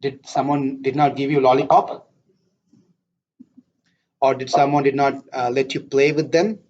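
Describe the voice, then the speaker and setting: A man doing a gentle old sage father. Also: mid-range voice, flat delivery, a little slow, close to an everyday voice. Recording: dull lo-fi lecture recording.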